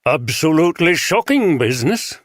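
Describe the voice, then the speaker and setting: A man's voice: a little high, very animated, normal speed, no room sound, studio quality, voice pushed up. A man doing a frank northern bishop. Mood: grave. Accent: Northern English. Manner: frank, earnest. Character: portly straight-talking northern male bishop.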